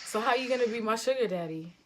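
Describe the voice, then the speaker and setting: A young woman of eighteen with a Boston accent, her voice pitched a little high and swooping up and down as she teases. She talks playfully, setting up deadpan questions over a phone video chat. A faint hiss sits behind her. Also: fast. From Boston, USA. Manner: playful, teasing, deadpan setups. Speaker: vlogger chatting with strangers. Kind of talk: casual video-chat prank. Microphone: phone on a video-chat app.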